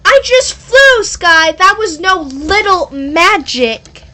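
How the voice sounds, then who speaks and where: A woman's voice: extremely high pitch, big pitch swings, slow pace, sharp tone, pitched above the performer's own voice, heavily acted. A woman voicing Ada, a sarcastic young adventurer. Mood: exasperated. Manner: sarcastic and exasperated. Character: brave, blunt young woman adventurer, annoyed by magic.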